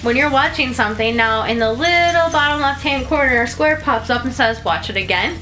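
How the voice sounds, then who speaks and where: Chatty higher-voiced woman gamer. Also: fairly quick, sharp tone, faint music behind, poor audio. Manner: rambling, chatty, laughs often. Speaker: let's play co-host. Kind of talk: casual chat while gaming.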